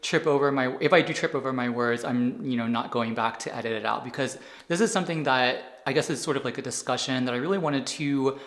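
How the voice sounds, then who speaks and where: A man's voice: mid-range voice, brisk, a bit bright, roomy sound. A man talking to camera in an unedited sit-down vlog, rambling with fillers and restarts as he explains his content. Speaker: anti-aging content creator.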